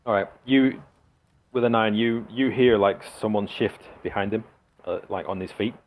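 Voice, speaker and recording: Brief: male game master, lowish voice, halting narration full of ums and restarts. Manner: hesitant, many fillers and restarts.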